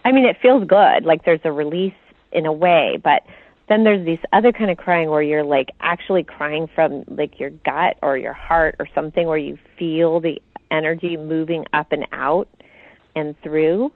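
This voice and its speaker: A woman's voice: low voice, normal speed, dry recording. A woman co-hosting a spiritual podcast, talking reflectively and laughing lightly. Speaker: podcast co-host, channeler. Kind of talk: casual spiritual chat. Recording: tinny phone-like line, dry.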